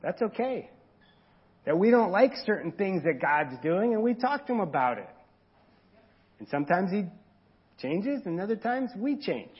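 A man with a husky, somewhat high voice delivers a casual, conversational sermon. The recording sounds dull and lo-fi, and he sometimes slips into quoted voices that rise in pitch and volume. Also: big pitch swings, normal speed, pauses often. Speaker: pastor.

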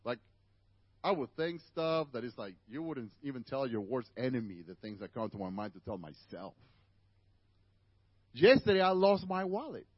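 A man's voice: medium pitch, very animated, normal speed, slightly rough, dry recording, dull audio. A man with a Spanish accent, native Spanish speaker, preaching a conversational sermon to a church congregation with asides to the listeners.

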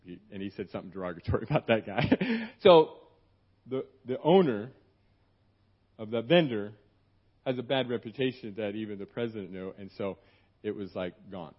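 A man's voice: on the low side, animated, normal speed. A middle-aged man preaching in church, telling a personal story in a rambling, conversational way with many restarts and acted-out quotes. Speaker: guest preacher. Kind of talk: sermon told as a personal story. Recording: dull, muffled church sermon recording.

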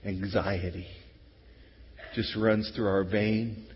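A middle-aged man preaching an Easter sermon to his congregation, talking conversationally and moving between hushed, intimate passages and loud exclamations. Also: fairly low pitch, level tone, slow, slight background noise. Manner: conversational, swings from hushed to shouting. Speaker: pastor. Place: church sanctuary. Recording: dull lo-fi sound with long hall reverb.

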